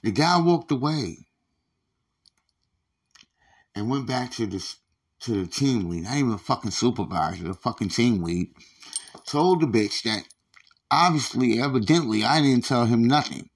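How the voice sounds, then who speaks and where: Guy with a gravelly voice ranting on his podcast, cussing a lot, tripping over his words. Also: medium pitch, expressive, unhurried, long pauses. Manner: profane, repetitive, stammering restarts. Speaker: podcast host. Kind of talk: casual ranting monologue.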